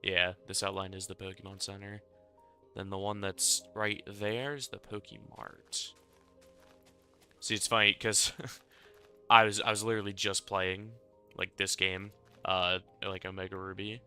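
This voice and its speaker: Young guy narrating his block building, kinda low voice but real bright and crisp, rambly and laughing at himself. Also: level tone, a little slow, faint music behind. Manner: rambling, self-deprecating, chuckles often. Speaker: Minecraft building creator. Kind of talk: casual gameplay commentary.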